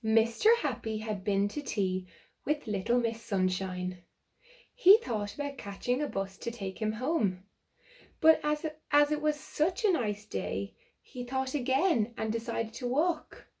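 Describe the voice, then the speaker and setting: A woman reading a picture book aloud to children, slow and expressive, dropping to soft whispered asides. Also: fairly high pitch. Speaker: children's story reader.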